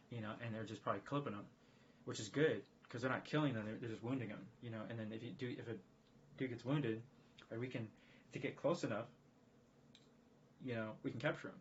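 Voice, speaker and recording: A man talking in a casual live-stream monologue, rambling and emphatic, often repeating himself. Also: mid-range voice. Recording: dull lo-fi stream audio with faint background noise.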